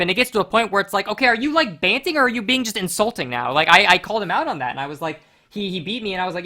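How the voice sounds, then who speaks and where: Brief: quick-talking male stream commentator, animated, foul-mouthed storyteller. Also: sits high. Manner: animated storytelling, mocking impressions, swears a lot. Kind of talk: casual chat.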